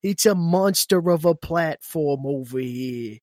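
A man putting on a prissy fake British accent, gushing in a sing-song mock delight on a podcast, slow and drawn-out. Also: fairly high pitch, a little mellow, dry recording, natural voice. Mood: mock quoting. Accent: put-on British. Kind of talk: comic bit on a podcast.

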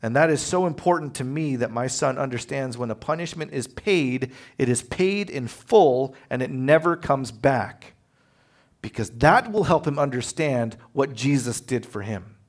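A man preaching a sermon as pastor, animated and conversational, acting out quotes as he tells stories. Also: medium pitch, moderate pace. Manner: animated storytelling, acts out quotes.

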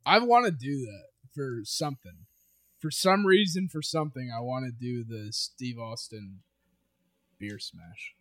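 A man's voice: mid-range voice, lively intonation, measured pace, a bit bright, dry recording. A man co-hosting a casual podcast from a cafe, goofy and laughing often, talking into a podcast mic. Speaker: podcast co-host. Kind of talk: casual chat.

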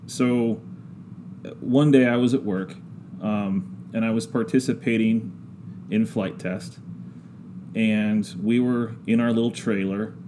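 Man, casual storyteller, low mellow voice, halting pace, faint hiss. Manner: slow, drawn-out, halting with many ums. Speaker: podcast guest discussing scripture.

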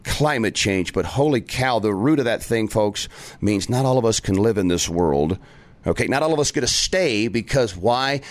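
A man's voice: on the low side, expressive, moderate pace. A man hosting his own political talk podcast, firing off rhetorical questions with emphatic exclamations. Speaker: podcast host.

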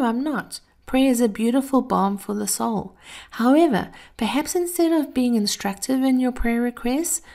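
Woman host, earnest motivational delivery, measured pace, noticeable vocal fry. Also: a little high, darkish tone. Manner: measured, earnest, addresses listeners fondly. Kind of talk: scripted motivational talk.

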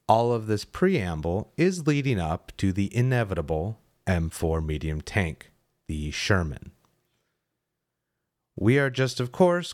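A male podcast host speaks at an unhurried, deliberate pace, his pitch rising and falling in a lively, animated way. He delivers a solo history monologue peppered with wry, self-mocking asides.

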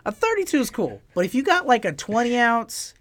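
A man's voice: extremely high pitch, a little fast. A man in his thirties hosting a podcast, telling crude stories with lots of laughter and swearing. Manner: animated, laughing, profane storytelling. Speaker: podcast host. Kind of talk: crude casual chat. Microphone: studio mic close up.

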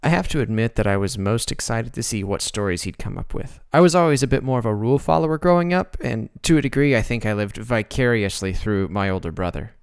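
A man's voice: mid-range voice, animated, fast, vocal fry, hardly any pauses, smooth. A man hosting a podcast, narrating in a reflective, self-deprecating way. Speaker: podcast host.

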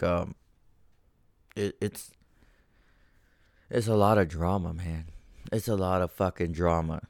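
A man's voice: deep voice, clean tone, dry recording. Profane, ranting man with a dry sound. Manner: profane, ranting, gets heated. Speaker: podcast host. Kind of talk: casual solo podcast monologue.

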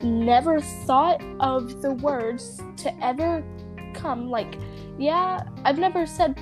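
Young southern woman rambling on a podcast, kinda high voice, music faint behind. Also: slow. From American South. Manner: chatty, rambling with many fillers. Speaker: podcast co-host. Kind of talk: casual chat.

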